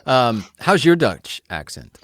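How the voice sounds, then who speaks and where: Brief: an animated male host in casual chat, mid pitch, dry booth sound. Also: slow, no room sound. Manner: animated, laughs often. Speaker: podcast host.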